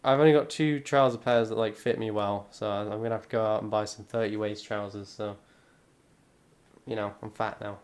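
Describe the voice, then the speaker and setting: A man's voice: lowish voice, steady tone, brisk. A young man streaming live, chatting casually with his mother on a call and reading out chat messages with wry, self-deprecating humour.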